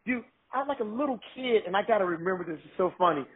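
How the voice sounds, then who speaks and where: A high-pitched man tells stories with excitement, stumbling and restarting as he goes. His voice is husky. The sound is thin and narrow, like a phone line. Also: fast talker. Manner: excited, animated storytelling with restarts. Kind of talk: casual storytelling chat.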